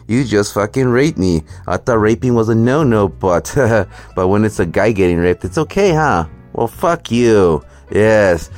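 A man's voice: on the low side, a little mellow. A man hosting a ranting, profane, mocking reaction commentary. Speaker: commentary host.

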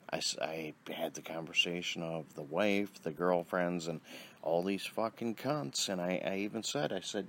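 A man's voice: low voice, moderate pace, a little hiss or hum. A man ranting bluntly in a profane monologue, recorded outdoors beside a road with cars passing. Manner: blunt, combative, swears constantly. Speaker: vlogger.

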